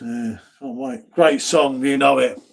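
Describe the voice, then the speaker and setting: This live stream pub host is a middle-aged man from England whose southern accent places him near London. His medium-pitched voice is creaky and a little slow, with fairly even intonation. Relaxed and talkative, he reads out viewer comments and calls people "mate" constantly.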